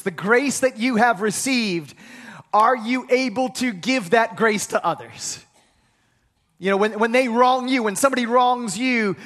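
A man's voice: extremely high pitch, a bit bright. A man preaching a sermon as pastor, emphatic and stumbling over repeated words as he starts sentences.

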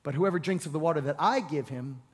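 A male preacher voicing Jesus, speaking slowly, softly and with quiet authority. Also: on the high side, slightly rough, in a large hall. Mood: measured. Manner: slow, measured, soft.

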